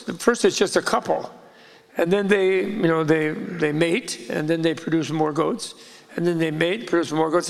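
High, gravelly man telling a tale. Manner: animated, rambling, full of asides. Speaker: storyteller. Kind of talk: casual retelling of a legend. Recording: long hall reverb.

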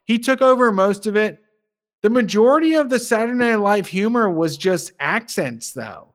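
A man's voice: high voice, expressive, normal speed. A man co-hosting a podcast, ranting in casual chat, swearing often and laughing. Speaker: podcast co-host.

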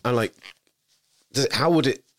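A young adult man, co-hosting a podcast, chatting casually and telling stories in an animated way. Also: medium pitch, moderate pace. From York, England. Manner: animated, storytelling, puts on voices. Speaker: podcast co-host. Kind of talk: casual chat.

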